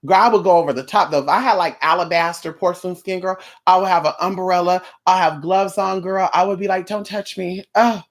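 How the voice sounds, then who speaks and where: A woman's voice: lowish voice, fast talker, few pauses. A woman ranting in a casual vlog, sassy and blunt, with plenty of profanity and mocking asides. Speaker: vlogger.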